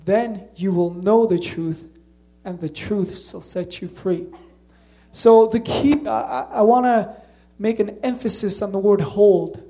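Preacher, male, light Slavic accent, high and warm-toned, earnest conversational sermon delivery. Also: measured pace.

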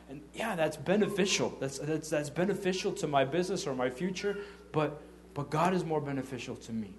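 Stammering man preaching a lively testimony. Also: a little high, fairly quick, few pauses, a little hiss or hum. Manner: animated storytelling, acting out quotes; frequent stammered restarts. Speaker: church leader. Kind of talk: informal testimony sermon.

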